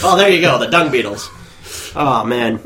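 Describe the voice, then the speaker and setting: Bright-voiced man in casual banter. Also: medium pitch. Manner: animated, acts out quotes with laughter. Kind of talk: casual chat reviewing a concert.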